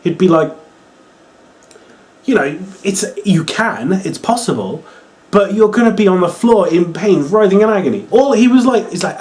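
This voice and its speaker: A young man with a Norwich accent rambles through a wrestling review, excitable and swearing freely. His voice sits a little high for a man and leaps all over the place in pitch. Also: normal speed. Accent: Norwich English. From England. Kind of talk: casual video review.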